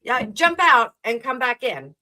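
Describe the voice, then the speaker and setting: A woman's voice: on the high side, sing-song, a little slow, sharp tone, rough recording. A woman from New Jersey hosting a live tarot reading, rambling chattily with lots of fillers and asides to her viewers. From New Jersey, USA. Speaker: tarot reader and livestream host.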